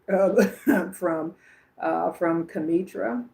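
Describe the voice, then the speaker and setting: A woman from Illinois hosts a livestream as a psychic medium, passing along messages in a chatty, informal way and laughing often between phrases. Her voice sits on the low side, steady and slow, with some creak and a slightly mellow tone. It's a casual livestream reading.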